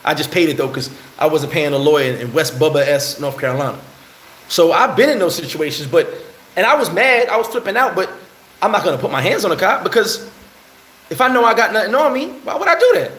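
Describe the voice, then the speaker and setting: A man's voice: high-pitched, brisk, echoey room, slight background noise, poor audio. A man, telling a heated story on a casual live stream and answering chat. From New York. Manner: animated, heated storyteller, acts out quotes. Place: bar in the Dominican Republic.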